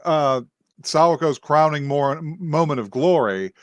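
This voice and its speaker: A man's voice: on the high side, unhurried, dry recording. A young man co-hosting a podcast, casually recapping an anime episode, often laughing and acting out the characters' lines. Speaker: podcast co-host.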